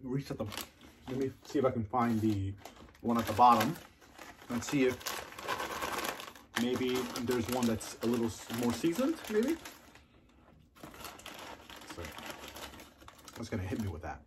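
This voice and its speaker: A man's voice: mid-range voice, sing-song, unhurried, long pauses, background noise. Chatty man tasting snacks on camera. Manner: chatty, savoring, loud mm and oh yeah sounds while chewing. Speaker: food reviewer. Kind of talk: casual unboxing and taste review.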